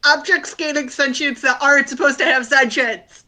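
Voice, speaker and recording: A woman with a slightly high, bright voice, chatting at a tabletop game. She is enthusiastic and quick to jump in with asides. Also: steady tone. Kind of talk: casual game-night chat.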